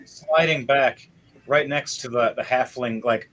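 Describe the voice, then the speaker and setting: Animated man running a tabletop game. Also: unhurried, low-quality recording. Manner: animated, swings between loud bursts and low muttering. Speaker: game master.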